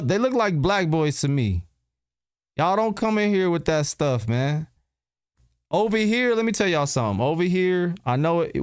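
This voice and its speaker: A man's voice: on the high side, darkish tone, clean tone, no echo, clean studio sound. A man hosting a casual livestream, answering his chat in loose, slangy talk and repeating rhetorical questions. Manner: repeats himself and fires rhetorical questions at viewers.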